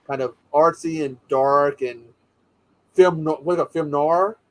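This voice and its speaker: A man's voice: a little high, steady tone, measured pace, fairly bright tone, rough recording. A man hosting a casual watch-party chat, rambling enthusiastically with many restarts.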